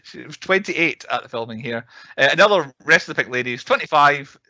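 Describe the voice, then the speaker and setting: A young man co-hosting a casual podcast, chatty and quick to laugh. His voice sits fairly high and sounds bright and forward. The recording is dry and slightly muffled. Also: expressive, dry recording. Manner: chatty, laughs often, acts out quotes. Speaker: podcast co-host. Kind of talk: casual chat.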